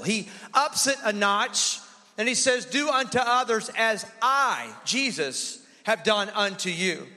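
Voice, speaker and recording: A man preaching a sermon as pastor of his church, energetic and leading the congregation in call-and-response. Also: sits high. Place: church sanctuary. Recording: long hall reverb.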